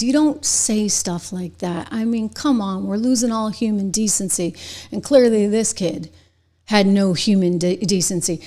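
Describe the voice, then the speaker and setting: A woman hosts a political commentary show, giving an opinion monologue directly to her viewers that builds into loud, indignant outbursts. Her voice sits in the mid range.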